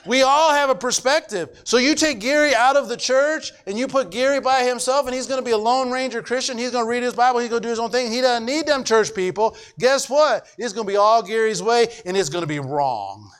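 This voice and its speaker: Emphatic high-pitched man preaching. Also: brisk, few pauses, fairly bright tone, smooth. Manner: emphatic, repetitive, asks the congregation if they follow. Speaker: pastor. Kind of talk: sermon.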